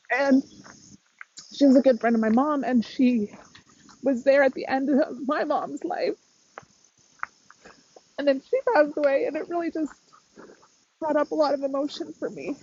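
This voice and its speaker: A woman's voice: sits high, a little mellow, highs cut off, a little hiss or hum. A woman, a mindset coach, talking candidly and emotionally on a live stream while walking outdoors, laughing often. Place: outdoors on a windy walk. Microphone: phone.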